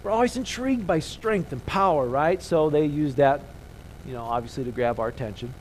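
A man's voice: on the high side, a little fast, a little hiss or hum, low-quality recording. A man preaching a conversational sermon, checking in with "okay?" and having the congregation repeat key phrases. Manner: conversational, leads call-and-response, frequent "okay?" checks.

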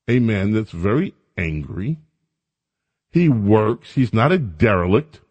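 A man's voice: medium pitch, a little mellow, slightly rough. Sarcastic male commentary host. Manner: sarcastic, mocking, emphatic. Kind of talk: opinion commentary.

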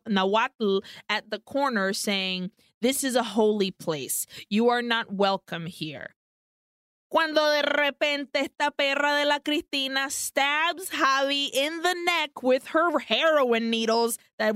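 A woman's voice: fairly high pitch, a bit bright, clean tone, no room sound, studio quality. A woman co-hosting a podcast, casually retelling a film plot, swearing freely and dropping Spanish words into her English. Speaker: podcast co-host.

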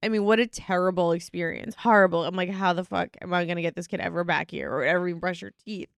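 A woman's voice: fairly low pitch, quick pace, gravelly, a little hiss or hum. A woman in her thirties co-hosting a casual chat podcast, telling a story with lots of swearing and laughter. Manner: animated storyteller, swears freely, laughs often. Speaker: podcast co-host.

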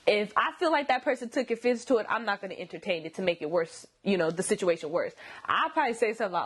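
A young woman with a slightly high, husky voice talks easily as an interview guest. She sounds self-assured and laughs often. She drops dry, sarcastic asides as she goes. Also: expressive, quick pace. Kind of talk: casual interview chat.

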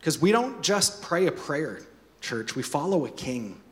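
A man preaching a sermon as pastor, animated, with joking asides and repeated words. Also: a little high, a little slow.

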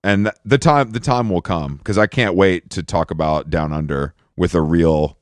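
A man's voice: low voice, normal speed, dry recording, studio quality. A man co-hosting a podcast in casual chat, laid-back, laughing often and restarting his sentences. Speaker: podcast co-host.

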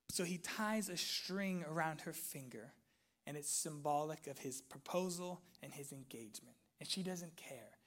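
A young male pastor delivering a sermon to a live congregation. He tells the story animatedly, rising to loud, excited peaks and sinking into soft, near-whispered passages. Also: high-pitched.

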